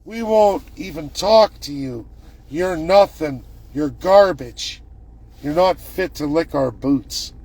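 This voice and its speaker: A man putting on the voice of an arrogant male government official, contemptuous and shouting. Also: a little high. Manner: contemptuous, shouting, drawn-out sneer.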